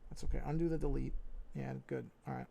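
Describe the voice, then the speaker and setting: Male streamer, New York accent, dark gravelly voice, talks himself through the work. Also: mid-range voice, steady tone, fast, slight background noise. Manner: thinking aloud, muttering and humming to himself. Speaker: digital artist streaming his drawing. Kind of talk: casual live-stream narration while drawing.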